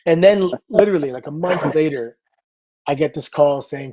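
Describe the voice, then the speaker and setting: A middle-aged Canadian man, once a pro wrestler, tells stories as a guest in a casual interview, animatedly performing the voices of the people he quotes. His voice runs high and his pace is moderate.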